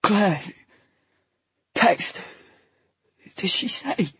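A woman's voice: medium pitch, animated, very slow, slightly rough, no echo, highs cut off, exaggerated voice. A woman voicing a badly wounded young man who can barely get his words out. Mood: faint. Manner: faint, broken, struggling for breath.

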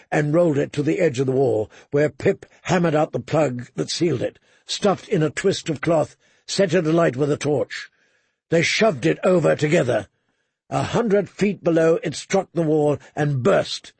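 A man narrating a dramatic audiobook, measured, sinking to hushed low tones for tension. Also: gravelly, slightly rough, dry recording.

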